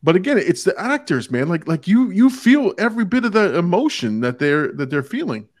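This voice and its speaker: A man hosting a casual podcast talk about a movie, animated, often acting out quotes in a changed voice. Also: high voice, a little fast, no echo. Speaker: podcast host.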